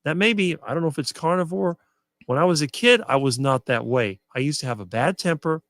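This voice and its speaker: A middle-aged man talking casually as a guest and answering quickly with almost no fillers. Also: a little high, lively intonation, fairly bright tone, no room sound. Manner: fluent and quick, few fillers. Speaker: guest on a diet talk show. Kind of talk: casual conversation on a live stream.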